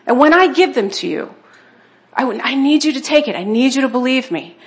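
A woman voicing God as a gentle, insistent figure who pleads with a believer to trust Him. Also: high-pitched, lively intonation, a little fast. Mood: pleading. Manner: earnest, insistent.

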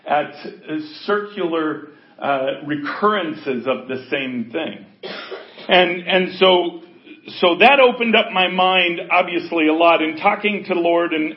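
A man pastor giving an informal, conversational sermon to a congregation, often checking in with his listeners. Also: a little high. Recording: echoey, dull lo-fi recording.

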